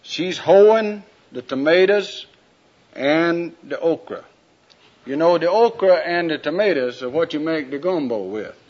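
Slow, folksy man preaching. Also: on the high side, lively intonation, a little mellow. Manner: folksy, drawn-out storytelling. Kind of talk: sermon with a humorous story. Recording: dull lo-fi recording.

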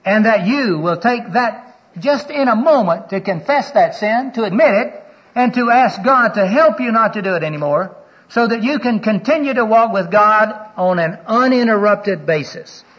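An older man preaches with a high, husky voice, telling stories from his own life and acting out the quoted exchanges. He is earnest and often sinks to a near-hush for the confessional moments. The recording sounds dull and lo-fi. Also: animated, normal speed. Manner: storytelling, acts out quoted dialogue with his voice; earnest, drops to a hushed voice for personal moments. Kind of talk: sermon.

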